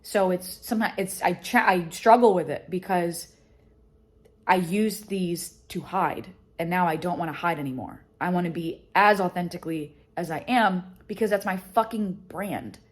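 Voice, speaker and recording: A woman's voice: fairly low pitch, moderate pace. A woman vlogger and education business founder talking candidly and emotionally about her life, swearing freely. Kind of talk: candid personal vlog talk.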